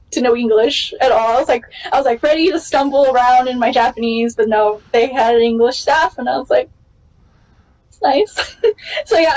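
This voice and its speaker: A woman hosting a podcast, telling a travel story in casual chat and acting out what people said. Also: poor audio. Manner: excitable storyteller, acts out quotes with big pitch jumps. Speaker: podcast host.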